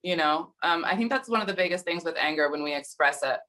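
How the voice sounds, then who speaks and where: A woman's voice: fairly low pitch, animated, quick pace, bright, forceful tone, rough recording. A woman guest on a talk show, speaking in a thoughtful, reflective and affirming way. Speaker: guest intuitive reader. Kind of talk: casual chat.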